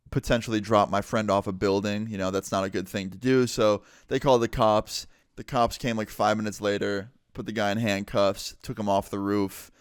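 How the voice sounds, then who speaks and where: A man's voice: lowish voice, smooth, no room sound, clean studio sound. A young man in a vlog, telling a personal story in a casual, filler-heavy way. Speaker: vlogger.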